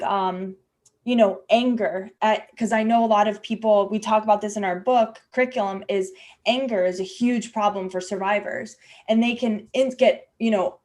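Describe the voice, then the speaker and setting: Woman podcast host, kinda high voice, rambly and self-deprecating, lots of "like". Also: a little mellow. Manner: chatty, self-deprecating, many fillers and restarts. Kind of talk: candid conversational podcast talk.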